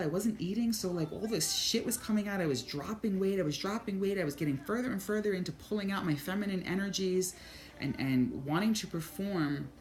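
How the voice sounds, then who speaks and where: A woman vlogger telling a spiritual story in casual, profane talk, moving between hushed and excited. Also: fairly low pitch, reverberant.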